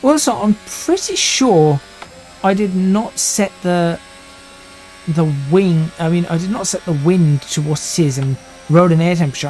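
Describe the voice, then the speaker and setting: A man's voice: a little high, mellow. A man in his twenties streaming a racing sim live, thinking aloud and restarting sentences while he drives. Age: 20s.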